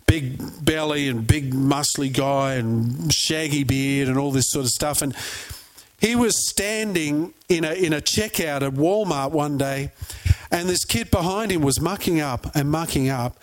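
A man preaching a sermon, telling lively stories and putting questions to his congregation. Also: on the high side, a little slow. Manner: animated storyteller, asks the crowd questions. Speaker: pastor.

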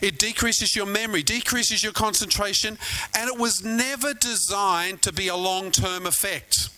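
A man's voice: high-pitched, normal speed, pushed and bright, dry recording, low-quality recording. A man preaching a sermon as pastor, telling stories in a conversational way and asking the congregation questions.

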